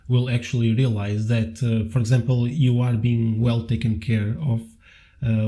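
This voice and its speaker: A man co-hosting a casual spiritual talk, speaking haltingly with restarts. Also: medium pitch, warm tone. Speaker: co-host.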